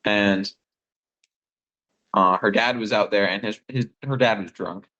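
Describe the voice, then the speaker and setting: A young man, a missionary phoning home, telling rambling, excitable stories full of fillers. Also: fairly low pitch, a little slow, muffled recording. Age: young adult. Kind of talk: casual phone chat with family.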